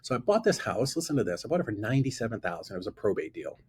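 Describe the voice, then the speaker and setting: A man telling an animated story about his past, acting out both sides of a conversation. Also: medium pitch, rapid-fire, breathy edge. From Florida. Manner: lively storyteller who acts out both sides of dialogue. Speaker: guest investor telling a story. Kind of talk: animated anecdote on a talk show.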